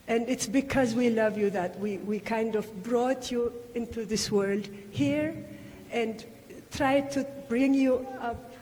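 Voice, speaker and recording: A woman's voice: high-pitched, a little mellow, slight background noise. An older woman, a community elder with an Oromo accent whose first language is Afan Oromo, addressing children at a gathering with coaxing call-and-response and repeated phrases. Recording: reverberant hall with faint ambience.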